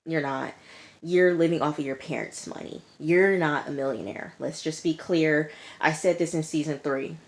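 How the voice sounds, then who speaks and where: In a steady, low-pitched tone at normal speed, a woman chats through her take on a reality show. It's casual, emphatic commentary with lots of repetition and frequent "like" and "okay." She's inside, with sirens audible beyond the walls.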